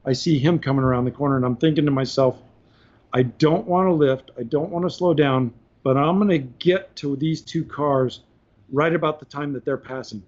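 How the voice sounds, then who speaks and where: Podcast guest, male, slightly high pitch, lively storyteller who laughs mid-story; muffled audio. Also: normal speed. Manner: animated, laughs through his stories. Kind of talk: casual storytelling.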